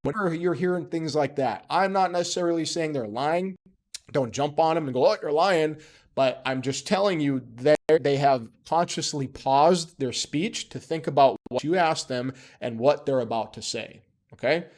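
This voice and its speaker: A man's voice: a little high, normal speed. A man giving a casual spoken lesson, emphatic and chatty, often checking in with "okay?" and dropping joking asides. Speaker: instructor.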